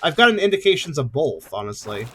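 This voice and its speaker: A man's voice: a little high, big pitch swings, quick pace, a bit bright, slightly rough. A man streaming a game, chatting casually and thinking aloud while he plays. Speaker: let's play streamer. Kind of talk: casual gameplay chat.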